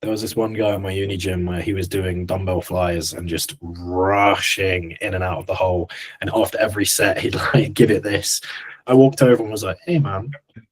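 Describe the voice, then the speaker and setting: A man's voice: deep voice, steady tone, normal speed. A young man co-hosting a casual podcast, telling gym stories with laughs and casual swearing. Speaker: podcast co-host, coach.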